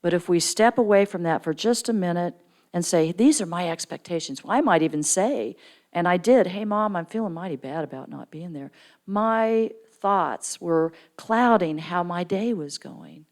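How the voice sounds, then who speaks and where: A middle-aged woman giving a storytelling sermon in church, jumping into lively character voices for quoted people. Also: moderate pace. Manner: animated storyteller, acts out quoted voices with big pitch jumps. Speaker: guest speaker at church. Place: church sanctuary.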